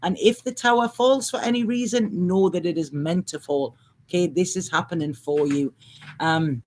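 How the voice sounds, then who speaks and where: A woman giving an improvised spiritual reading, halting and rambling as she restarts her phrases. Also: on the low side, a little mellow, a little hiss or hum. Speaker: astrology and intuitive reader.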